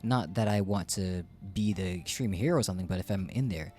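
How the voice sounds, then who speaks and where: Streaming a game, this man keeps up chatty, rambling commentary and pokes fun at himself. He speaks briskly in a deep, darkish voice, with soft music playing behind him.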